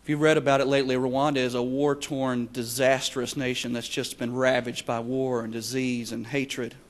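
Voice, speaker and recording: A man preaching a sermon, swinging between shouted passages and hushed, quiet ones. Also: medium pitch, flat delivery, normal speed. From Texas.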